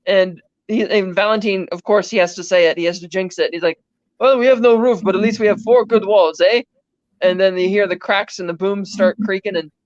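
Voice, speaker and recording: On a muffled recording with no echo, a co-host with a medium-pitched voice casually recaps a film scene by scene. The chatty, rambling podcast talk is packed with "he's like" quotes.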